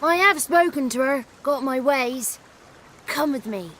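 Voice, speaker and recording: A cheeky little swamp sprite. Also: female voice, high-pitched, animated, unhurried, fairly bright tone. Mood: sly. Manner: chatty, cheeky, pleading. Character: small mischievous male swamp sprite, cheeky. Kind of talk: video game cutscene acting.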